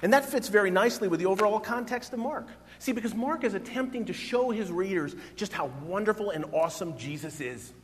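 Male pastor, sermon delivery, slightly high voice, lively and emphatic, long church reverb. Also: brisk, hardly any pauses. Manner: expressive, emphatic, acts out quoted voices.

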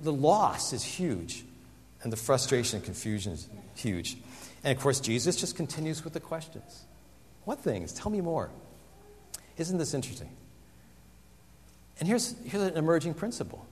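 A man preaching a sermon, animated and dramatic, acting out the voices he quotes. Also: a little high, big-room sound. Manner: animated, acts out quoted voices with big swings. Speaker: pastor.

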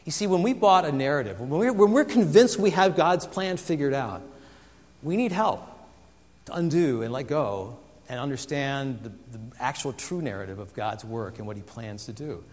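A man preaching a sermon, animated and dramatic, acting out the voices he quotes. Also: mid-range voice, moderate pace, in a large hall. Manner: animated, acts out quoted voices with big swings. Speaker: pastor.

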